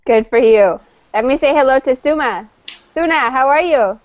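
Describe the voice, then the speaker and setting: A woman teaching English to adult learners over a video call, upbeat and chatty, laughing often and explaining slowly. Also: high voice, lively intonation, no room sound. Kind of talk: online class, friendly chat. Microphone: computer mic on a video call. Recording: dull lo-fi call audio.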